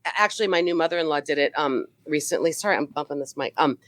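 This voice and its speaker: A middle-aged woman, a stand-up comedian, telling animated stories as a podcast guest, swearing freely and laughing often. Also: sits low, fast. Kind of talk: casual podcast chat.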